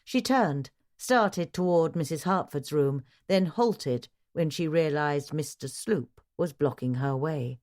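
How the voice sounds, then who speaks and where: A woman reads a mystery audiobook with a low, deep voice. Her narration is measured and even, and she paces the prose with care. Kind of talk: scripted narration.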